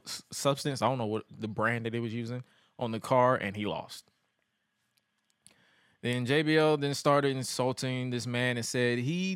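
A man co-hosting a podcast, recapping wrestling in casual, animated chat and acting out quotes. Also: mid-range voice, clean tone, no echo, studio quality. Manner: animated storytelling, acts out quotes, swears freely. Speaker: podcast co-host.

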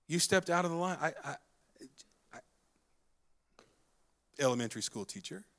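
Male pastor preaching with an animated delivery, bright and forceful, acts out scenes. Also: a little high, moderate pace, creaky. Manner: animated, wide swings in loudness and pace; acts out quoted dialogue. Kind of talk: sermon.

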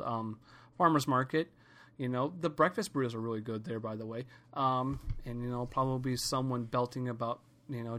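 A man rants casually on his podcast, swearing often and wandering from one gripe to the next. His voice is bright and forceful, and he tells his stories with animated comedic energy. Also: medium pitch. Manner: profane, rambling, animated storytelling. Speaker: podcast host.

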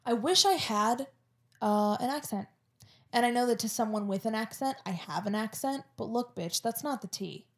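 A woman's voice: on the high side, expressive, moderate pace. Chatty young woman with a Florida accent. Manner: chatty, jokey, peppered with "like" and "um". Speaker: podcast co-host. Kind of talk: casual chat. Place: home podcast setup.

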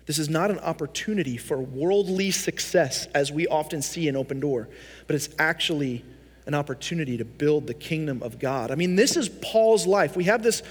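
A man's voice: a little high, lively intonation, moderate pace, slightly rough, big-room sound. A male pastor preaching a sermon, telling stories with animation and acting out the voices he quotes.

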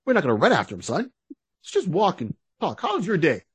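A man voicing a calm, casual father chatting with his son while out hunting, in a relaxed tone. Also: on the high side, a little fast, slightly rough, no echo, voice pushed up, exaggerated voice.

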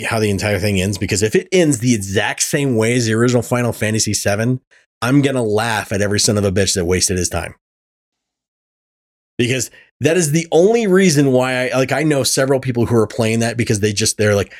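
A man hosting a podcast, chatting casually, swearing often and telling animated stories. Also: medium pitch. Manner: animated storytelling, swearing and laughing. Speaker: podcast host. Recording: poor audio from a faulty mic.

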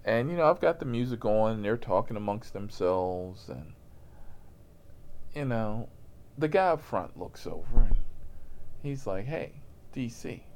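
A man's voice: fairly low pitch, lively intonation, measured pace, pauses often, a little mellow, slight background noise. A man telling a profane, comic story about his rideshare job in a casual voice, laughing at himself as he goes.

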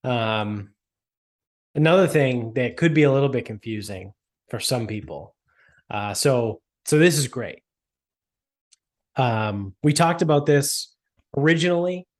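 A man chats casually as a podcast co-host. He talks in a loose, joking way, swears freely and laughs easily, with a voice of ordinary pitch for a man. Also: animated, unhurried, pauses often. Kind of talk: casual chat.

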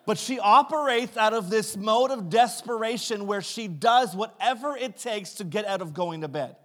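A pastor telling funny family stories in a sermon, recorded in a church sanctuary. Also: male voice, sits high, normal speed, fairly bright tone. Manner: humorous anecdotal storytelling.

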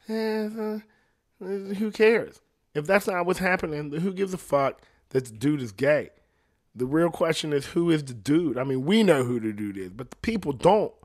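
A man's voice: on the high side, animated, moderate pace. A young adult man talking in a casual, rambling and profane way, laughing often as he goes. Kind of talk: casual chat.

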